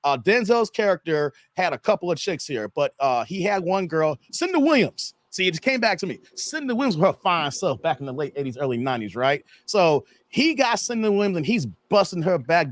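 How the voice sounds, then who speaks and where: A man hosting a casual livestream chat, animated and laughing often as he reads viewer comments and tells stories. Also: on the high side, no echo. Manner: storytelling, acts out quotes. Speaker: host.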